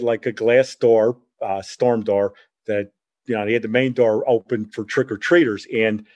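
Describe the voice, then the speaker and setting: A middle-aged man recounting a childhood memory in loose, rambling storytelling, often correcting himself as he goes. His voice sits in an ordinary male range, animated and conversational. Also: medium pitch, lo-fi sound. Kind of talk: casual spoken reminiscence.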